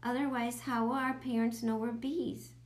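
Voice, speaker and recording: A woman's voice: medium pitch, expressive, unhurried, gravelly, darkish tone. Storybook schoolgirl, whiny and indignant, voiced by a woman. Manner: complaining, indignant. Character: young girl pupil, whiny tattletale.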